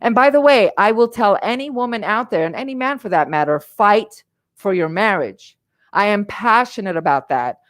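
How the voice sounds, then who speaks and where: A middle-aged woman speaks to her livestream audience in a passionate, emphatic talk. She repeats words for weight and pushes her points with feeling, in an ordinary mid-pitched woman's voice picked up by a webcam mic. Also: expressive, moderate pace. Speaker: life coach and livestream host. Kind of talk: live-streamed motivational talk.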